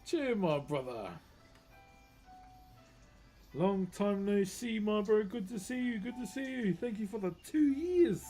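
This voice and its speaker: A man's voice: high-pitched, lively intonation, a little slow, pauses often, warm tone, faint music behind. A man with a New Zealand accent chatting casually on a live stream while he works. He is laid-back, reads viewer comments aloud, laughs often and calls people "bro" constantly. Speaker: livestreaming wood carver.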